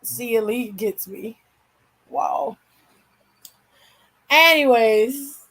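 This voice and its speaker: A woman's voice: fairly high pitch, measured pace, low-quality recording. A woman hosting a wrestling channel, chatting casually and slangily with viewers on a live stream while tired and yawning.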